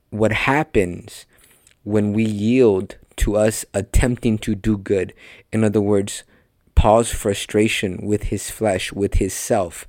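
Low-voiced man preaching emphatically. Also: darkish tone, dry recording, studio quality. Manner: emphatic, talks directly to listeners. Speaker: podcast preacher. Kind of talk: conversational sermon teaching.

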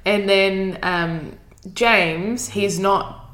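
A woman from Australia co-hosting a casual chat podcast, an animated storyteller who laughs often. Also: mid-range voice, very slow, echoey room. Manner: animated storyteller, acts out funny voices with laughs. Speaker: podcast co-host.

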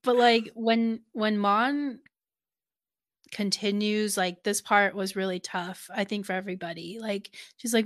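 A woman's voice: medium pitch, measured pace, no room sound, clean studio sound. A woman in casual reaction chat, recapping a series scene with lots of laughter and "like" fillers. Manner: animated, laughing often, many "like" fillers. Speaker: co-host of a reaction show.

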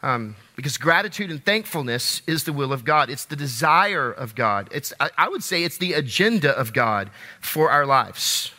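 A male pastor preaching in a jokey, conversational, animated manner to a live congregation in a large church, through a stage microphone. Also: on the high side, normal speed. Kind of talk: sermon. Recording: reverberant live church hall.

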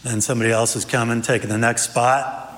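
A man, a pastor, preaching a sermon, praying and then telling a lively story with character voices. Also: a little fast. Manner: animated storyteller, voices characters with raised pitch. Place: church sanctuary. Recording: church hall reverb.

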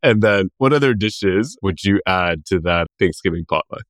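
A man's voice: sits low, expressive, moderate pace, no room sound, studio quality. A man hosting a podcast, asking questions in an enthusiastic, chatty way. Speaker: podcast host. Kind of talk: casual interview.

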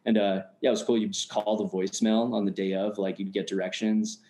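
Man, low-pitched, laid-back slangy storytelling, echoey room. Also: level tone, fairly quick, mellow. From United States. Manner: constant fillers like "you know what I mean". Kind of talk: casual storytelling. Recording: roomy echo.

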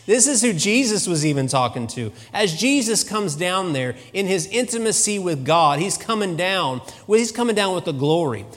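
A man preaching a sermon in a church, in a conversational, animated way, often repeating his phrases. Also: on the high side. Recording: long reverb of a hall.

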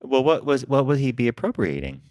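A man co-hosting a business podcast in casual chat, an animated storyteller who laughs often. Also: medium pitch, fairly quick, no room sound, studio quality. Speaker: podcast co-host.

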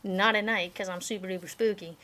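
Bright-voiced playful woman. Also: medium pitch, steady tone, brisk. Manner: playful, teasing. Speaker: podcast co-host. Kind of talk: casual chat.

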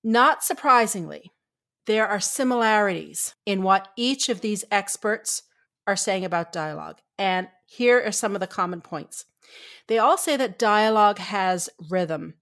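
A woman's voice: medium pitch, lively intonation, unhurried, a bit bright. A woman co-hosting a writing podcast, explaining her prepared segment in an organized, enthusiastic way. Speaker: podcast co-host.

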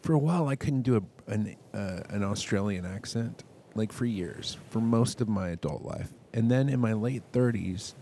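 A man talks through his own podcast in a loose, wandering monologue, poking fun at himself as he goes. His voice sits a little low, but he keeps leaping up loud and bright when he gets excited, then drifting back down. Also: moderate pace, hardly any pauses, a little hiss or hum. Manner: rambling, self-mocking humor; sudden bursts of loud, high enthusiasm. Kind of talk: casual monologue.

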